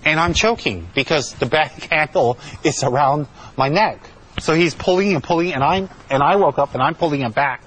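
A man's voice: fairly high pitch, normal speed, a bit bright, slight background noise, rough recording. A man, a monk, telling a personal story in a chatty way, repeating himself and using many fillers. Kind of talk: spoken storytelling talk.

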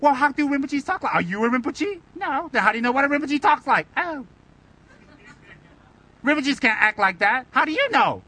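High, bright-voiced playful Buddhist teacher. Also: male voice, big pitch swings, fast talker, hardly any pauses, rough recording. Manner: playful, teasing, rhetorical questions. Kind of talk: Dharma talk.

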